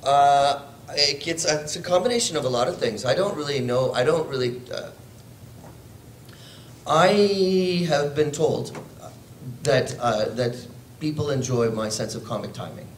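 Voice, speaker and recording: A man, a voice actor speaking on a convention panel, telling stories in an animated, rambling way. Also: fairly high pitch, unhurried, far from the mic. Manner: animated, rambling storyteller who laughs often. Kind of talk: casual convention panel talk. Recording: echoey hall, faint ambient noise.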